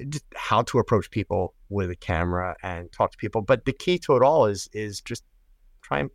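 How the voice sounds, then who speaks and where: An American man in his sixties talks as a podcast guest, low-voiced and unhurried. He tells stories in a reflective, easygoing way, with a dry, close sound. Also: creaky, no room sound. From United States. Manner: reflective, anecdotal, easygoing with fillers. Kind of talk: casual conversation.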